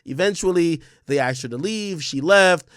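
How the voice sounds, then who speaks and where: Here a male streamer's voice runs a little high and fairly bright, with lively intonation and a moderate pace. His commentary is casual, emphatic and profane, marked by repeated words and restarted sentences, and the sound is clean studio audio without echo.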